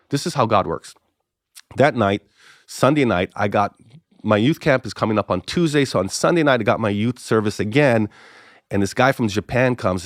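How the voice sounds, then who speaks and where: A man's voice: no echo, clean studio sound. A middle-aged male pastor from Hawaii, telling a story in casual talk and acting out both sides of the dialogue. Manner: animated storyteller, acts out both sides of dialogue with pitch jumps. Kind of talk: casual storytelling podcast interview.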